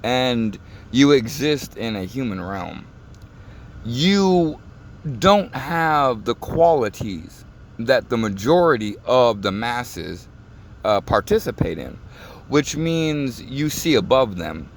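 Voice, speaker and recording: A man's voice: medium pitch, slow pace, slight background noise. A man talking in a casual monologue, ranting with emphasis and lots of swearing, from inside a car. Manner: animated, emphatic, profane ranting.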